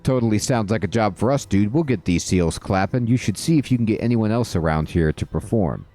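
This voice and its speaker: A man's voice: fairly low pitch, expressive, brisk, mellow, soft background music, lightly acted. A man voicing an easygoing male seal who talks like a surfer dude. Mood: laid-back.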